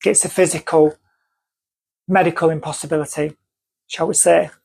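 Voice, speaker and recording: A woman's voice: low-pitched, fairly even intonation, moderate pace, creaky, a little mellow, slightly rough. A woman with a North Manchester accent telling a personal story to camera, earnest and emphatic, repeating phrases for stress. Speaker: vlogger.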